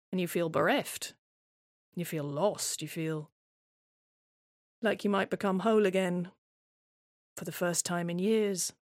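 A woman's voice: fairly low pitch, no room sound, studio quality. A woman performing a scripted first-person monologue in a wry, reflective, conversational way.

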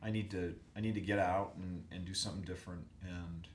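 A deep-voiced man spins animated anecdotes as a podcast guest and acts out the people in them. He is recorded on a USB mic in an echoey hotel room with a faint air-conditioner hum behind him. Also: a little fast. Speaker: guest, music professor. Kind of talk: casual storytelling interview. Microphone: USB microphone.

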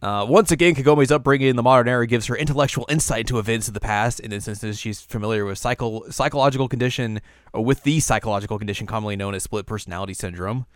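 A man's voice: medium pitch, rapid-fire, no echo, clean studio sound. A man co-hosting a casual episode recap, retelling scenes animatedly and laughing often. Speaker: co-host.

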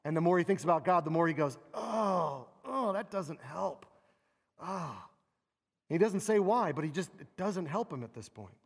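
A man delivers a sermon with an expressive, animated manner, slipping into quoted cries of lament. His voice sits fairly high for a man. It rings out with long reverb from a large hall. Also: quick pace, few pauses. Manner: expressive, acts out quoted laments with rising pitch. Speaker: preacher.

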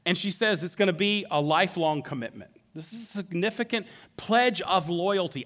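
A man preaching a sermon who acts out the characters' words in an animated way. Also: high-pitched, moderate pace, few pauses. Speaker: pastor.

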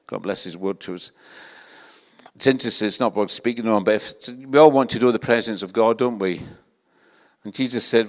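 A man's voice: on the low side, a little fast, pauses often, long reverb tail. An older man with a Scottish accent preaching a sermon in a conversational, self-deprecating way, often restarting his sentences. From Scotland.

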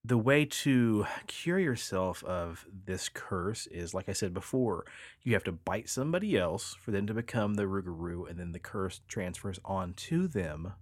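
Low-voiced man telling folklore. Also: animated, measured pace, no echo. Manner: laid-back, rambling with fillers. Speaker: podcast co-host. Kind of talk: casual storytelling chat.

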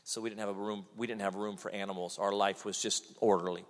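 A man in his forties preaching a sermon, telling stories with lively acted-out quotes. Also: on the low side, fast talker, long reverb tail. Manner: animated storytelling, acts out quotes. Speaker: pastor.

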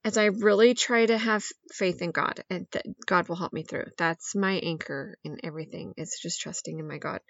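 A woman's voice: on the low side, steady tone, moderate pace, hardly any pauses, a bit bright, dry recording, dull audio. A woman hosting a podcast in an upbeat, chatty monologue that leans on lots of intensifiers. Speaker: podcast host.

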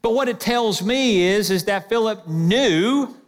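High-voiced pastor preaching in a reverberant hall. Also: male voice, a little slow. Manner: lively preaching with quoted asides. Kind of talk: sermon. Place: church sanctuary.

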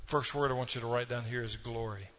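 A man preaching in a church. He talks in a folksy, storytelling way and speaks straight to his listeners with little asides, his pitch sitting in an ordinary middle range. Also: steady tone, fast talker, fairly bright tone, a little hiss or hum. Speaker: pastor. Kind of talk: sermon.

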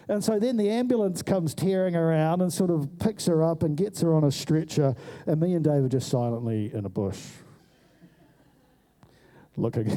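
A man's voice: on the high side, normal speed. A man telling a story in a sermon, acting out the voices of the people in it. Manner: animated storyteller who acts out voices. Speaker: preacher.

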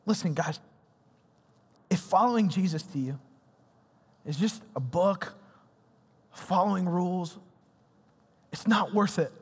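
A man's voice: sits high, takes it slowly, long pauses, slightly rough. A young man preaching a sermon in a casual, slangy, conversational way. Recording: reverberant hall.

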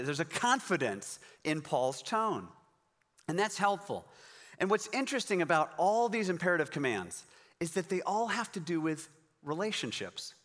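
A man's voice: a little high, big pitch swings, normal speed, a bit bright, long reverb tail. A man preaching a sermon in a conversational, encouraging way, reading scripture and explaining it. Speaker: pastor.

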